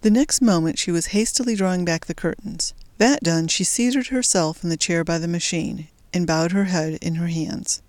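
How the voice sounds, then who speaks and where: Audiobook narrator, woman, low voice, measured, close and dry. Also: a little mellow, dry recording. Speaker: audiobook reader. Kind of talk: scripted narration.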